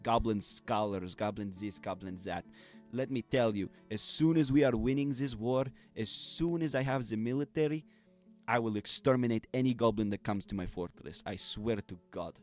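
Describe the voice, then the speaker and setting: A man's voice: lowish voice, normal speed, a little mellow, faint music behind, natural voice. A man playing a blustering fascist dwarven dictator in a put-on Russian accent, dropping his articles while he boasts and threatens over a game. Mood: menacing. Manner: drops articles, boastful and menacing. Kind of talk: in-character game commentary.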